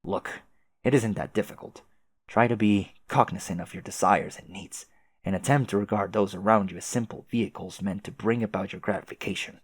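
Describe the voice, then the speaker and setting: A man voicing a haughty, prim young male troll aristocrat who speaks formally and quietly with contempt. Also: lowish voice, brisk, dry recording, lightly acted.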